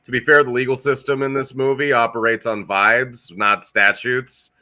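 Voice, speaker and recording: A man guesting on a podcast, talking excitably about a movie, swearing and stumbling over his words. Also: medium pitch, moderate pace. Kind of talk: casual chat about a movie.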